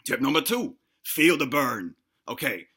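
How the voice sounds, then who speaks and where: A man's voice: mid-range voice, sing-song, measured pace, bright, forceful tone, husky, heavily acted. A man playing a dim-witted, boastful cop who gives absurd fitness tips in a rambling, stammering comedic monologue. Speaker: comedy sketch performer.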